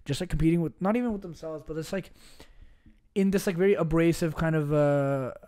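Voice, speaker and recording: A man's voice: fairly high pitch, fairly quick, dark tone, clean tone, dry recording, clean studio sound. A young man from Canada, a podcast guest telling a personal story in a loose, candid way. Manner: loose and candid, heavy use of "like" and "bro". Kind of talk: casual storytelling.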